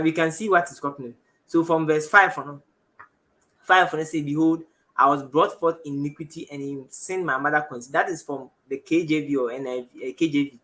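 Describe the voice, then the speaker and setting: A man's voice: fairly high pitch, fairly bright tone. A man with a Ghanaian English accent teaching the Bible on television in a studio, reading verses aloud and often stopping to correct himself. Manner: halting, self-correcting, reads verses aloud.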